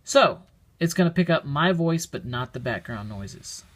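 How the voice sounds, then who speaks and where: A product demonstrator with a fairly high, expressive voice walks through a casual how-to at a measured pace. He explains every step plainly while thinking aloud, and the home recording is very noisy.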